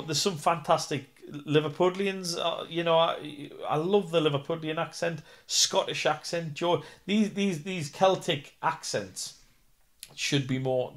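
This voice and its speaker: A man's voice: fairly high pitch, a little slow. A man with a Geordie accent, an actor and singer chatting in an interview, self-deprecating and full of fillers. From North East England. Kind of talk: casual interview chat.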